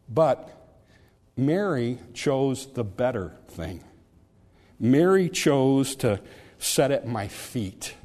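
Preacher guy, mid-pitch voice, talks plain and earnest, stumbles and restarts a lot, big echoey hall. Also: darkish tone. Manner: earnest, conversational, with repeated stammered restarts. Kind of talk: sermon.

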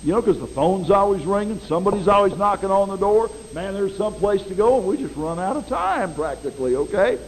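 A middle-aged man preaching a sermon in a folksy, animated way, with dramatic swings in his voice. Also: high-pitched, brisk, hardly any pauses, slight background noise, rough recording.

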